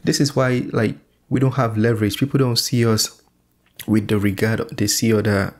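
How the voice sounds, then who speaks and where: A man reacts casually to a clip, musing with plenty of fillers. His voice is low and gravelly with a husky edge. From Nigeria. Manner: relaxed, thoughtful, filler-heavy. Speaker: reaction channel host.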